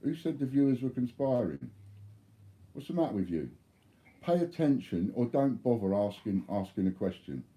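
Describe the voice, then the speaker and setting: A man's voice: low-pitched, mellow. A man replying bluntly to viewer chat during a live stream, swearing freely.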